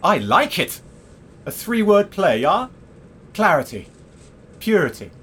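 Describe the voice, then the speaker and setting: Brief: terse, pretentious director, husky high voice, sing-song pitch. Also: male voice, very animated, slow, fairly bright tone, exaggerated voice. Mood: terse directing. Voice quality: clipped pronouncements ending in a questioning "yeah?". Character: pretentious, clipped avant-garde theatre director. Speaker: self-styled theatre director. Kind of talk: sitcom acting.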